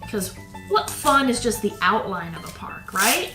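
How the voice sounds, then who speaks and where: Gentle, unhurried woman hosting kids' play. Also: medium pitch, very animated. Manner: playful, gentle, talks to the viewer. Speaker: children's video host. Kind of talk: toy play demonstration for kids. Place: home. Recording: roomy with background music.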